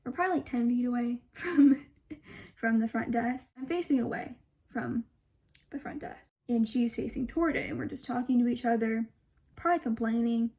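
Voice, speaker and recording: In a casual, chatty vlog, a young woman relates something that happened to her, wandering into asides and whispering whenever she quotes someone. Her voice is a little high and darkish, delivered at a moderate pace.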